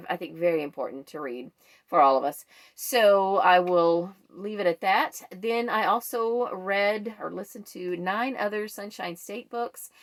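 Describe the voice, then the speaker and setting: A woman book vlogger chatting in a rambling way about the books she read this month. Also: fairly low pitch. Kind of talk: casual book wrap-up chat.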